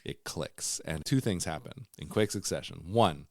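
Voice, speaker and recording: A man's voice: low-pitched, expressive, normal speed, vocal fry, no room sound, studio quality. A man co-hosting a podcast, casually and playfully retelling a story and putting on mock voices for the character. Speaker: podcast co-host.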